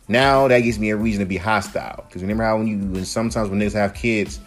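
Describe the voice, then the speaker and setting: A man in his thirties, a podcast host, ranting in a casual monologue that is profane, heated and animated. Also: on the low side, quick pace, hardly any pauses, soft background music. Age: 30s.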